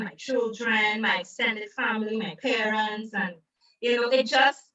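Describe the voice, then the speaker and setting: A woman from Trinidad, an environmental advocate and author, speaking as an interview guest and telling stories with lively quoted voices. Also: medium pitch, recorded from a distance, muffled recording. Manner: animated storytelling, acts out quoted voices. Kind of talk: conversational interview. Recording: roomy echo, away from the mic.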